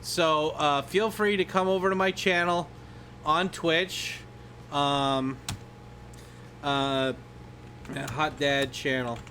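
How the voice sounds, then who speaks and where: A man's voice: fairly high pitch, fairly even intonation, takes it slowly, pauses often, pushed and bright, slight background noise. Rambling, profane man streamer. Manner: rambling, profane, laughs a lot, scats and imitates movie lines. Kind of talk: casual livestream chat.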